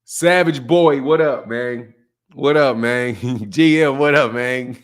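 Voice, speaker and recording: A man's voice: on the high side, slow pace, smooth. Slangy, laughing livestream host, man. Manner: loose, laughing banter, shouting out chat names; slangy, profane, mocking. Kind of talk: casual livestream chat.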